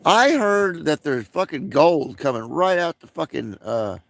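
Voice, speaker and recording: A man's voice: a little high, very animated, measured pace, vocal fry, a bit bright, no echo. A man rambling profanely during a late-night livestream, with many fillers, smoking and coughing.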